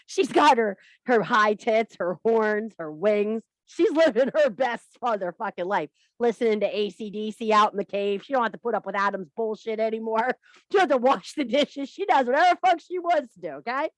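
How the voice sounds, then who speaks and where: Profane, animated woman workshop leader. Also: on the high side, moderate pace, dry recording. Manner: profane, animated, talks to the audience. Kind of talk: irreverent storytelling lecture.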